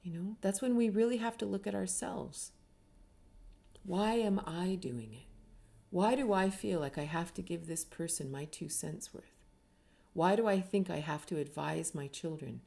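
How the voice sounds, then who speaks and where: A woman's voice: lowish voice, creaky, mellow. A middle-aged woman giving a reflective teaching talk on spirituality, earnest and full of rhetorical questions. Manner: earnest, uses many rhetorical questions and tags with "right?".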